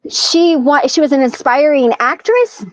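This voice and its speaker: A woman with a high voice tells a story in a lively, chatty way and acts out each person's lines. Her voice sounds dry and close, with a slightly dull, lo-fi quality. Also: measured pace, no room sound. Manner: animated storyteller acting out quoted dialogue. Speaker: podcast guest. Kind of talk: casual storytelling.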